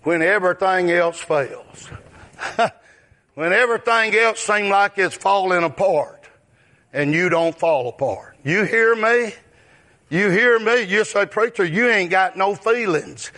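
Brief: male preacher, high bright tenor, slow drawn-out sermon, shouts on peaks, keeps asking the crowd "huh?". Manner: drawn-out delivery that rises into shouted high exclamations; repeats call-outs like "yes, sir" and "huh?".

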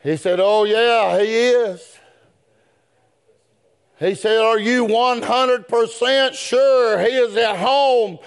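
Preaching in a whooping chant, this man alternates quick, hushed asides with stretched-out shouted lines. He uses homespun language and addresses the "brethren," his tone clear and resonant.

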